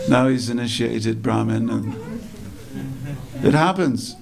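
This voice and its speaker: Male preacher, gravelly tone, storytelling sermon in a temple hall, unhurried and repetitive. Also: mid-range voice, a crowd in the background. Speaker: speaker at a temple festival.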